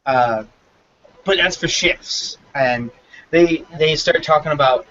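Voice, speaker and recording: Male game master, tabletop narration, relaxed and rambling, dull lo-fi sound. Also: fairly high pitch, slow, a little hiss or hum. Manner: loose, filler-heavy narration.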